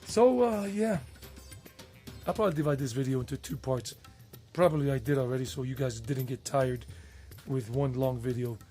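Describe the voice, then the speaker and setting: A man's voice: mid-range voice, moderate pace, warm tone, faint music behind. A middle-aged man with a Southern US accent, chatting casually about his travels in a rambling, digressive way with frequent self-corrections. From United States. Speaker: travel vlogger.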